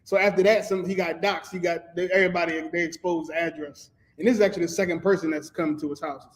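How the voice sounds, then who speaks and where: A man's voice: fairly high pitch, fairly even intonation, fast, poor audio. A man telling a story on a panel, rambling and stopping to correct himself. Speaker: show panelist. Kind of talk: casual storytelling.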